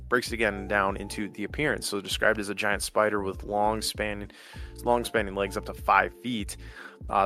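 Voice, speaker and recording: A man's voice: on the low side, bright, forceful tone. A man hosting his podcast in a chatty, rambling way with lots of fillers, getting over an illness with an occasional cough. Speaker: podcast host. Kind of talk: casual solo podcast talk.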